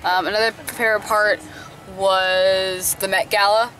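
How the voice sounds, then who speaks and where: A young woman chats and rambles through a casual vlog recap from inside a car. Her pitch sits in the middle, and clear road noise hums behind her. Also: level tone, fairly bright tone, poor audio. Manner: chatty, laughing asides, quick rambling. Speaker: vlogger. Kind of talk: casual chat. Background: traffic noise.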